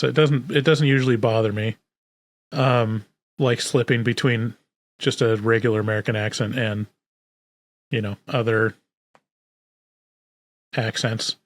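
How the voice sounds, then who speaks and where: Relaxed man musing on films, dry sound. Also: mid-range voice, moderate pace, long pauses, dry recording. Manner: relaxed, musing, thinking aloud. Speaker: podcast co-host. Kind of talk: casual movie review chat.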